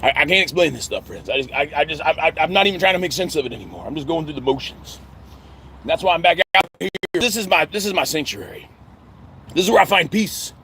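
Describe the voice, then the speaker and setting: Recording a rambling personal vlog outdoors at a cemetery, a middle-aged man speaks at a quick pace in an expressive, bright, forceful voice on the high side. He stammers, restarts, and calls his viewers "friends" over and over, over a little hiss or hum.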